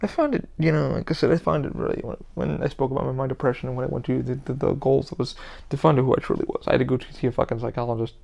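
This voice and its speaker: A man's voice: mid-range voice, fairly even intonation, very fast, creaky, few pauses, a little mellow. A man hosting a podcast alone, ranting bluntly in an unscripted monologue, swearing constantly and often restarting his sentences. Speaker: podcast host.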